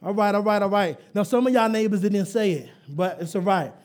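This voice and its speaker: A male preacher with a strikingly high voice delivers a live sermon. He is emphatic, swells into shouts, and leads the congregation in call and response with playful asides. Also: brisk.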